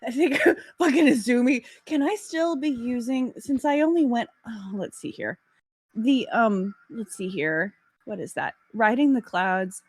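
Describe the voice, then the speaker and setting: A woman's voice: on the high side, measured pace, slightly rough, no room sound. A woman playing a tabletop role-playing game, giggling, swearing and thinking aloud over the rules. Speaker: player.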